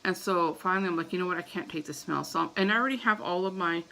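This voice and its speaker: A woman's voice: fairly low pitch, fast, gravelly, sharp tone, a little hiss or hum, rough recording. A woman in her thirties telling a story casually to camera as a vlogger, acting out her own panicked reactions.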